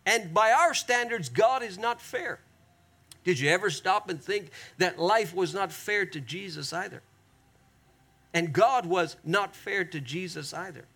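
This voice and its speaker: High-voiced, gravelly pastor preaching earnestly. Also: male voice, lively intonation, bright, forceful tone. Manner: earnest, emphatic preaching with repeated appeals to the congregation; slows down sharply on key phrases. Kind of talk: sermon.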